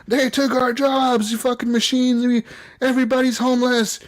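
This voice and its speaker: A man voicing a bitter male protester who yells and swears at machines for taking jobs. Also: very high-pitched, level tone, moderate pace, pitched above the performer's own voice. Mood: furious. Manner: yelling, bitter, profane. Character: angry male anti-robot protester, hostile.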